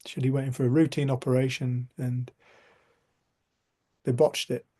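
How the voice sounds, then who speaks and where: A man's voice: mid-range voice, level tone, moderate pace, dark tone, slightly rough. A middle-aged man, leading a group and telling a personal story in an earnest, heartfelt way, often dropping to a near-whisper, heard over a video call. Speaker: group facilitator.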